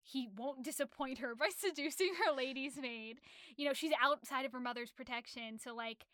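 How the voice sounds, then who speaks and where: A woman with a bright, crisp voice sits close to the mic and chats about a novel, with no room sound around her. She retells the plot in an animated, rambling way, full of fillers and restarts, and her voice sits a little above the usual range. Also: sits high, moderate pace, dry recording. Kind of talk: casual literary discussion.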